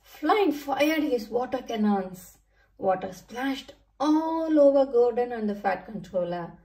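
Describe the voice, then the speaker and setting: A woman reading a children's picture book aloud in a slow, sing-song storytelling manner. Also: a little high, expressive, warm tone. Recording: echoey room, mic far off.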